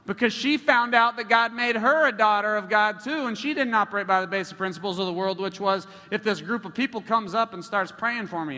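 Preacher, male, higher bright voice, lively and joking with the crowd, heard in a hall. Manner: animated, joking with the congregation. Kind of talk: sermon storytelling. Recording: long hall reverb.

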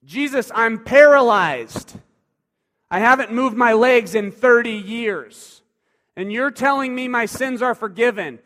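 A preacher voicing a paralyzed man who loudly demands that his legs be fixed, in a reverberant hall. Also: sits high, steady tone, fairly quick, hardly any pauses. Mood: exasperated. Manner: pleading, indignant, loud.

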